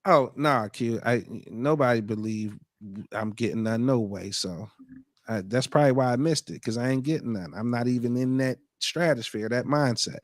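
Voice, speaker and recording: A man hosting a casual live stream who reads viewer comments aloud and jokes in loose, profane banter. His voice sits at an ordinary middle pitch. The sound is close and dry, with no room around it. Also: normal speed, no echo. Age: adult father. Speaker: podcast host.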